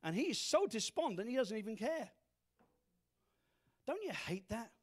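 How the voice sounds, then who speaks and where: A man preaching a sermon, acting out scripture figures with humor and animated emphasis. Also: very high voice, normal speed, husky. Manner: animated, acts out Bible characters, laughs at own jokes. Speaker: pastor.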